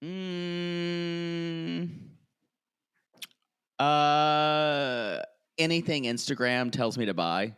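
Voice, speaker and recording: A man's voice: a little high, clean tone. A man co-hosting a podcast, chatting casually about reality TV and laughing often. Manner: giggly, animated, drawn-out delivery. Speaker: podcast co-host.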